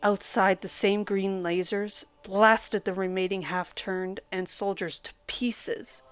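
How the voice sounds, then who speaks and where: A woman reading a scripted horror story aloud as its narrator, in a steady storytelling delivery. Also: medium pitch, slow, smooth, soft background music.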